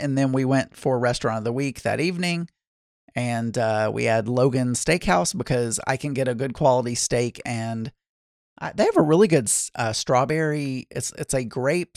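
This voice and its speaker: A man's voice: medium pitch, vocal fry, dry recording, studio quality. A man telling a casual story, rambling with many restarts and exasperated asides.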